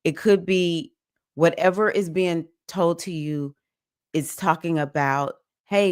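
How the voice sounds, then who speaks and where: Her pitch is fairly low, and the clean studio recording carries no room sound. She's a livestream host reading astrology, chatting emotionally and welcoming viewers by name as she goes over the week.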